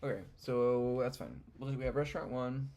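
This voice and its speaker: A man new to programming works through coding exercises on a casual screen recording, thinking out loud in a muttering way and often trailing off. He speaks at medium pitch and normal speed, with a slightly mellow quality.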